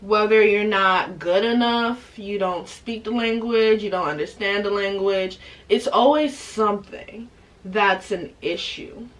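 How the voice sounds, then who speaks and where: A woman's voice: medium pitch, a little slow, recorded from a distance. A young adult woman vlogger in a casual, emphatic rant to camera who repeats her points for effect.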